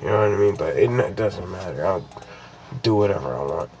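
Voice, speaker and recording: A man's voice: sits low, animated, brisk, darkish tone, lo-fi sound, slight background noise. Rambling young man reading a creepy story. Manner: rambling, hesitant, many fillers and restarts. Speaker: creepypasta reader. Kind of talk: casual reading with commentary.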